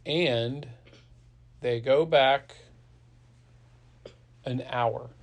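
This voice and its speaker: A man's voice: medium pitch, very slow. A man improvising a playful story for a child, with sound effects and an easy, chatty delivery. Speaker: parent telling a bedtime story.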